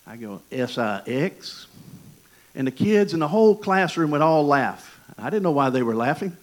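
A man preaching with a Southern accent from East Tennessee. His voice sits a little high for a man. He tells stories folksily and keeps turning to the congregation with jokes. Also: brisk, rough recording. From Michigan. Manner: folksy, animated storytelling with jokes and asides to the audience. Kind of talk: sermon with personal stories.

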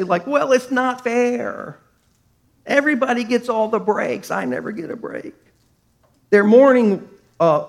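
Casting: male pastor, high voice, animated sermon delivery with acted-out quotes. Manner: animated preaching, acts out quoted complainers.

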